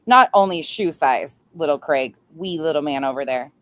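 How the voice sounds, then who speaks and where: A woman's voice: low-pitched, lively intonation, moderate pace, fairly bright tone. A woman hosting a livestream chat, blunt, profane and fired up. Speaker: livestream host. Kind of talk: casual chat.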